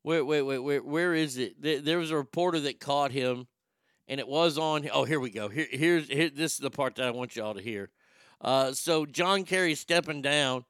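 Crude stammering guy ranting, kinda high voice, dry close sound. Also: normal speed, a bit bright, smooth, no echo. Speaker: vlog host. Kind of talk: opinionated rant monologue.

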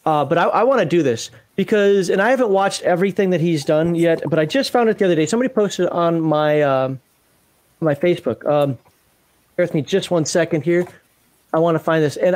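A man hosting a gaming livestream, chatting casually and animatedly, laughing often and restarting his sentences. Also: high-pitched. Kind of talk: casual chat.

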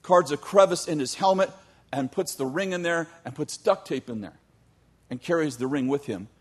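A man telling a long story in a sermon, animated, with joking asides to his audience. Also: a little high, normal speed, slightly rough. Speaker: youth teacher.

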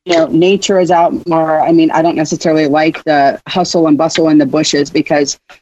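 A woman co-hosting a radio chat, telling stories in an animated way and acting out the quotes. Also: low-pitched, a little fast, slight background noise. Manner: animated storyteller, acts out quotes. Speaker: show regular, co-host. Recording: dry, dull line.

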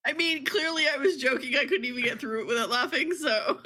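A woman chatting on a gaming podcast. Her voice is bright and a little sharp, and she talks in a playful, joking way. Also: high-pitched, a little fast. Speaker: podcast co-host. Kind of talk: casual gaming chat.

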